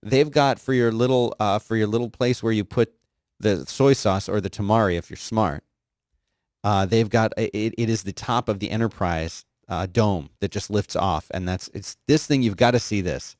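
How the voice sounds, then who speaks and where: Eager, rambling man with a lower voice. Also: normal speed, darkish tone, dry recording, clean studio sound. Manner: enthusiastic, rambling, playful. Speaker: podcast host. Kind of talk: casual chat.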